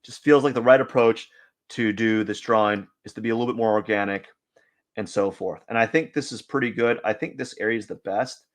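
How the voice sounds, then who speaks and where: A man's voice: fairly low pitch, fairly even intonation, a little fast. A man streaming his drawing session live, talking casually and rambling through a story. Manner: rambling, many restarts and fillers.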